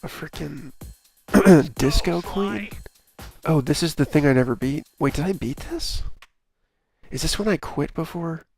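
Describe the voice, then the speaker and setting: A man's voice: on the high side, moderate pace, a little mellow. A man streaming a video game in a casual, rambling, self-deprecating chat with jokey asides. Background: video game music.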